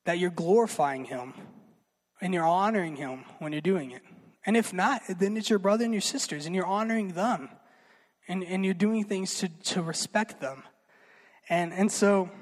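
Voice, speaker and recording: A young man giving a casual sermon, chatty and animated, full of fillers and asides. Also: on the high side. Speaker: youth speaker. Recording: long hall reverb.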